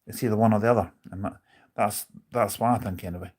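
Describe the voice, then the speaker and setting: Husky-voiced man chatting on a live stream. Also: on the low side, steady tone, fast talker, darkish tone. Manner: rambling, opinionated, reads out chat comments. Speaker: bus-route live streamer. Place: on board a bus or coach.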